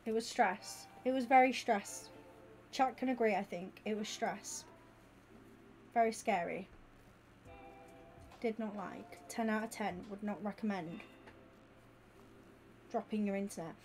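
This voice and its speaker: A woman, chatting casually and excitably with viewers during a gaming stream. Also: mid-range voice, measured pace, pauses often, soft background music. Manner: excitable and gushing, chatting with viewers while she plays. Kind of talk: casual live-stream chat.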